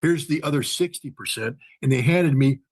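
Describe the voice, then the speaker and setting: A man's voice: mid-range voice, normal speed. A man, a former weapons inspector and ex-Marine, telling a story in conversation and acting out the dialogue.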